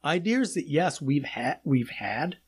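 A man's voice: on the high side, big pitch swings, slightly rough. A man hosting a casual podcast chat, talking with emotion and restarting his sentences often. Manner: emotional, halting, many restarts. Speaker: podcast host.

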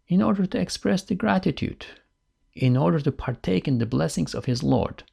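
A man teaches in an earnest religious lecture, pressing each point with emphasis. His voice is mid-pitched with a gravelly, creaky texture. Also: darkish tone.

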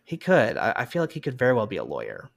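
A man speaks as a podcast guest in an easy conversational tone. His pitch jumps around a lot as he tells playful stories. He sounds animated throughout. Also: quick pace, creaky.

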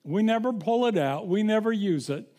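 A man's voice: sits high, lively intonation, moderate pace, warm tone. A man preaching a sermon as pastor, talking conversationally with frequent restarts and reading scripture aloud.

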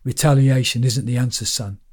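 A man's voice: mid-range voice, steady tone, fairly quick, darkish tone, natural voice. A man voicing an urgent, authoritative police officer in an audiobook. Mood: firm. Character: brisk firm male police officer.

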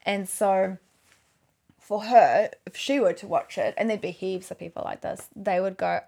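A woman's voice: mid-range voice, fairly even intonation, moderate pace, gravelly, mellow. A woman, rambling and correcting herself in casual chat about her video work. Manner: chatty, rambling, self-correcting. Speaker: video maker.

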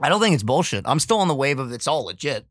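A man co-hosting a casual podcast, excitable and giggly, swearing a lot, on a close mic. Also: medium pitch, fast, no room sound. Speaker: podcast co-host.

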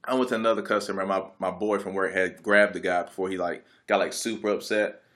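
A man's voice: sits low, steady tone, fast, a bit bright. A young adult man telling a casual story in a rambling, laid-back way, with lots of filler words. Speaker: vlogger.

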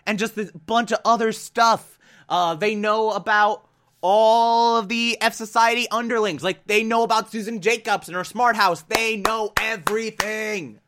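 A man casually recapping a TV episode, animated and profane, acting out characters' lines as he goes. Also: high-pitched, measured pace. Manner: animated, profane, quotes characters mid-story. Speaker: TV recap commentator.

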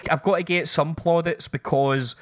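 A man co-hosting a podcast, telling stories in an animated, sweary casual way. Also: on the high side, normal speed. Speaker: podcast co-host. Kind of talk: casual chat.

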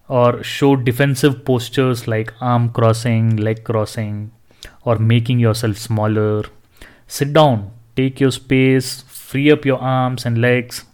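A man's voice: mid-range voice, darkish tone. A man hosting a solo podcast, giving earnest advice with some restarts and fillers. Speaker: podcast host.

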